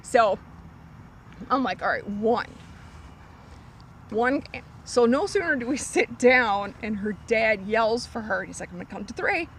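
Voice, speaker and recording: A woman telling a story from her cleaning job in casual talk, acting out a little girl's lines in a high voice. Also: slow pace, long pauses, rough recording. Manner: animated, acts out a child's lines in a high voice. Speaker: storyteller guest on a vlog. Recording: faint street noise.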